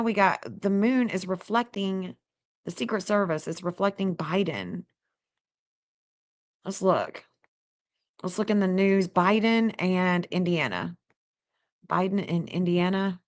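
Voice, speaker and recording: A woman hosting a casual livestream, chatty and excitable, talking straight to her viewers and laughing often. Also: mid-range voice. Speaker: livestream host reading astrology maps.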